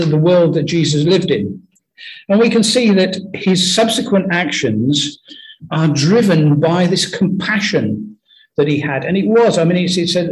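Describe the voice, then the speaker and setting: A man giving an earnest, conversational sermon full of stories, often pausing and restarting his sentences. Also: on the high side, rough recording. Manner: earnest, anecdotal, halting with many restarts. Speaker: preacher.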